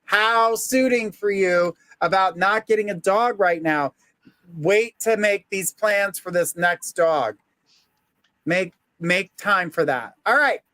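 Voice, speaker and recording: A man's voice: high voice, sharp tone, no echo. A man hosting a casual live psychic stream, upbeat and laughing often as he reads viewer comments aloud.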